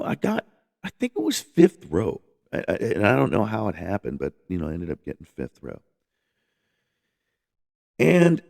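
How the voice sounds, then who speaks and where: A man's voice: fairly low pitch, vocal fry. A man hosting a casual music podcast, rambling enthusiastically with lots of restarts and the odd swear. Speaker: podcast host.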